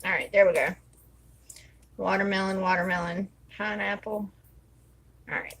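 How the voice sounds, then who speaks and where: A woman's voice: medium pitch, flat delivery, moderate pace, pauses often, slight background noise, rough recording. A woman chatting casually while she decorates her planner, thinking aloud and counting under her breath. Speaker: planner vlogger.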